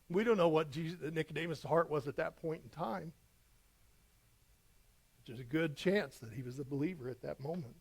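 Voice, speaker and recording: Pastor, middle-aged man, verse-by-verse sermon, dramatic scripture reading, fairly high voice. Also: a little fast, husky. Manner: animated, dramatic reading with emphatic rises.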